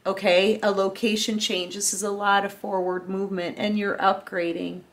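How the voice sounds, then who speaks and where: Woman tarot reader with a middle-pitched voice, heartfelt and chatty, talking straight to viewers. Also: flat delivery, moderate pace. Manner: loose and chatty with fillers. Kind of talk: casual collective tarot reading.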